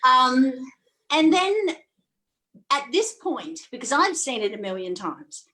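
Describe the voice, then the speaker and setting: A high-pitched woman co-hosting a casual podcast. She chats and jokes about the episode in a relaxed, wry way. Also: slow, poor audio. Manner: joking, chatty. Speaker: podcast co-host. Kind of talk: casual chat.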